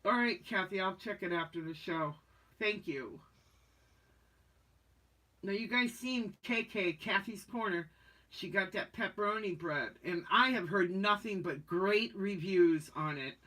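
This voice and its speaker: A woman's voice: medium pitch, measured pace, sharp tone. A woman hosting a casual livestream, chatting folksily and reading viewer comments aloud. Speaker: livestream host reading chat. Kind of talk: casual live-stream chat.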